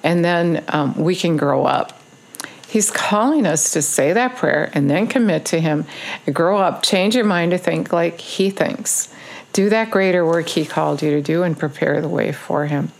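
A woman delivers an informal video sermon, her voice sitting low with a gravelly fry. She presses her points with earnest repetition and often pauses on an um. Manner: earnest, repetitive exhortation with frequent ums. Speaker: online preacher.

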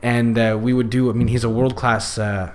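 A man chatting as a podcast guest, his voice pitched in the middle. He rambles through his points with plenty of fillers and false starts, in a loose conversational way. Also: little pitch movement, moderate pace, a little mellow. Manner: rambling, many fillers and restarts. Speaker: podcast guest, youth circus worker. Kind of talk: casual chat.

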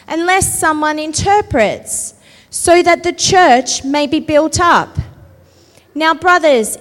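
A woman's voice: high-pitched, a bit bright. A woman pastor preaching a sermon and reading scripture, earnest and often checking in with her listeners. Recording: long reverb of a large hall.

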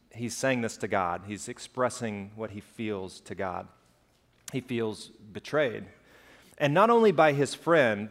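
A man gives a sermon in a church in a conversational, mid-pitched voice. He talks casually, then builds to impassioned, loud cries. A long hall reverb trails his words. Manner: conversational, rising to impassioned outbursts. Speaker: pastor.

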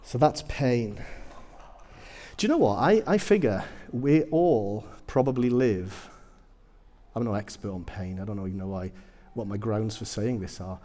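A man's voice: lowish voice, animated, measured pace, mellow, in a large hall. A man preaching a sermon, telling humorous personal stories with self-deprecating asides.

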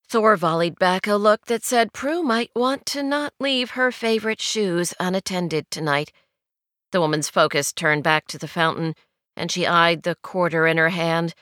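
A woman narrating a novel in a measured, wry storytelling manner, recorded on a studio mic. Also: lowish voice, a bit bright, clear, resonant tone, no room sound. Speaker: audiobook narrator. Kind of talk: scripted narration.

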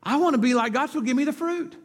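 A man's voice: very high-pitched, fast talker, voice pushed up. A man preaching voices Eve as an eager, naive woman, with long church reverb.

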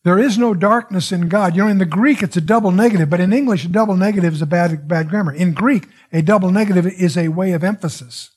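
A man teaches through a Bible passage, his voice husky and pitched a little high. He muses as he goes, drifting into asides and circling back with restarts. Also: fast talker, hardly any pauses, a little mellow. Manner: digressive, musing, frequent wows and restarts.

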